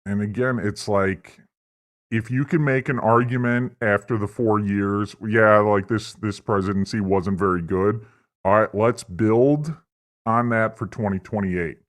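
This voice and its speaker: Slow-talking profane male stream host. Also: fairly low pitch. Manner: profane, rambling, mock-earnest. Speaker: livestream host. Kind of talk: satirical political stream rant.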